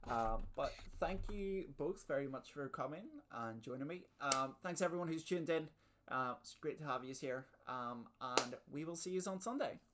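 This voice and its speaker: Brief: male podcast host, slightly high voice, casual and stammering, faint hiss. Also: normal speed. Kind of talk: casual chat about a tabletop campaign.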